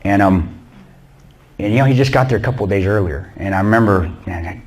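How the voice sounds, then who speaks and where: A man's voice: on the low side, brisk, a little mellow. Blunt, plain-spoken man. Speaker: guest speaker recounting combat. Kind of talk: storytelling talk to a church audience. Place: small church.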